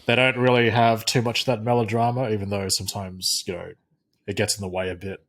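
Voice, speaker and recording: A man co-hosting a film podcast, chatting in a relaxed, halting way. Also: fairly low pitch. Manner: relaxed, halting, lots of fillers. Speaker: podcast co-host. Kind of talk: casual podcast chat.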